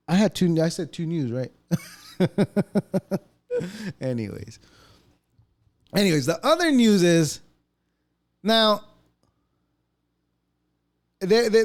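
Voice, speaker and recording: A man hosts his podcast with a loose, swearing, mocking rant. His voice sits high for a man and jumps all over the place as he gets worked up. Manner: profane, mocking, animated ranting with laughs. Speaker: podcast host. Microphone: podcast mic.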